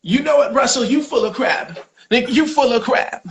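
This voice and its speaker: A man's voice: very high-pitched, animated, moderate pace, a little hiss or hum, pitched above the performer's own voice. A man voicing an indignant, proud woman comedian who scolds and protests in a sassy manner. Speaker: comedian doing impressions.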